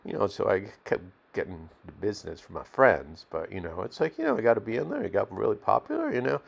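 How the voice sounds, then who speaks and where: Guy doing a low gravelly street tough, cigar guy, rambly slang, swoops up and down a lot. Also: sing-song, quick pace, exaggerated voice. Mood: grumbling. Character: streetwise cigar-smoking male bit-part actor. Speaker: interviewee in a mock documentary.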